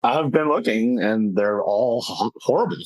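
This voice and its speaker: A man's voice: medium pitch, expressive, moderate pace, dry recording. A man co-hosting a book podcast, chatting casually in a rambling, wry way with lots of fillers. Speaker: podcast co-host.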